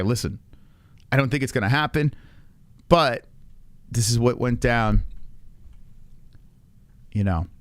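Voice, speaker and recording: A man's voice: medium pitch, no echo. Guy streaming, swears a ton and roasts what he's watching, voice jumps all over, dry close mic sound. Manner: crude, mocking, laughs often. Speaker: livestream host. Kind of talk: casual reaction commentary.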